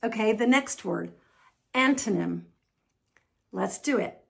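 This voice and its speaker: A woman with an American accent teaching an online English pronunciation lesson, patient and upbeat, demonstrating sounds slowly and repeating them. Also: mid-range voice, lively intonation, vocal fry, husky. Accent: General American.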